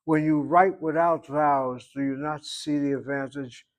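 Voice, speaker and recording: A man's voice: fairly high pitch, fairly even intonation, moderate pace, low-quality recording. A man teaching a Hebrew grammar class, explaining step by step in an emphatic, opinionated way.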